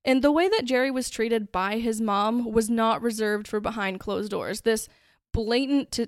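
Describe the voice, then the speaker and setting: A woman's voice: a little high, no room sound, clean studio sound. A woman hosting a true-crime podcast, telling the story in a chatty, conversational way. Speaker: podcast host.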